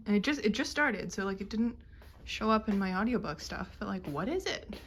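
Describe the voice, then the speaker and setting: A woman's voice: medium pitch, animated, brisk, slight background noise. A young woman casually chatting to her camera in her apartment as an author and vlogger, self-deprecating and cursing offhandedly. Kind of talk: casual vlog chat.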